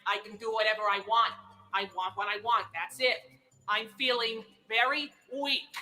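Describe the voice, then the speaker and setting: A woman's voice: fairly high pitch, steady tone, normal speed, pushed and bright, faint music behind, rough recording. A woman voicing a weak, stubborn young man who talks feebly and petulantly. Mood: defiant.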